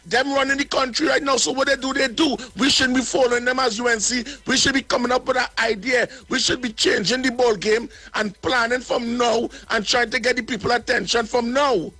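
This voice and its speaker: A man's voice: extremely high pitch, fairly even intonation, fairly quick, hardly any pauses, bright, forceful tone. A man with a Trinidadian accent giving blunt, indignant political commentary as a caller, often repeating words as he goes.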